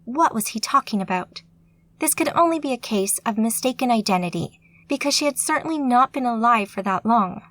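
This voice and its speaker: A woman reads an urban fantasy audiobook with steady, measured pacing. Her voice sits somewhat high and carries the action evenly from line to line. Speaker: audiobook narrator. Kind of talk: scripted audiobook narration.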